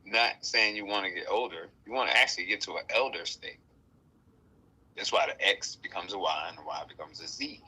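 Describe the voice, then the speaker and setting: A man giving a casual spiritual talk, playful and animated, often acting out other people's voices. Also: low voice, brisk, breathy edge, rough recording. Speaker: guest speaker.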